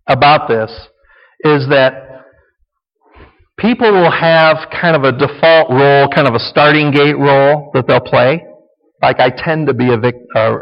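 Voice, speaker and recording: A man's voice: mid-range voice, vocal fry. A man teaching a sermon in a conversational, folksy way, often checking in with "okay?". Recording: dull lo-fi sound with long hall reverb.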